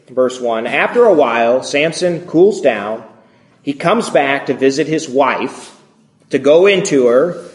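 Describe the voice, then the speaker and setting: A man preaching a sermon, retelling a scripture story in a lively way and acting out the characters' lines. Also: mid-range voice, roomy sound. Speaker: pastor.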